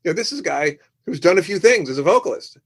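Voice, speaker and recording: A man telling stories as a guest on a casual podcast interview, lively and acting out the voices of people he quotes. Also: high-pitched, fast talker, slightly rough. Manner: animated storyteller who acts out quoted voices. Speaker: musician guest.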